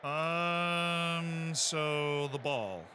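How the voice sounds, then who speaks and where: A man streaming a football management game, chatting and excitedly calling the plays as they happen. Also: on the high side, very slow, a little hiss or hum. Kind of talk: live game commentary.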